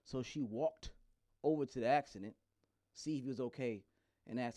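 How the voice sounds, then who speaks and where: A man's voice: mid-range voice, normal speed, no room sound. A man in casual comedic chat, telling stories with lots of swearing and laughter. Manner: profane, animated, laughing storyteller.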